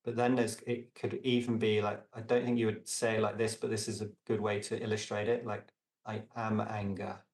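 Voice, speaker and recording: A man talking as a podcast guest in casual reflective conversation, meandering with many fillers and restarts and trailing off softly. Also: lowish voice, flat delivery, a little fast, few pauses, echoey room, recorded from a distance. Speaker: podcast guest, relational coach.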